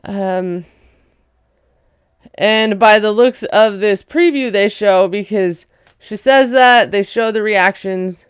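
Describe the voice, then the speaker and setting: A woman's voice: medium pitch, slow pace, clean tone, no echo, studio quality. A woman giving a casual, wry recap of a reality show, chatty and full of ums and likes.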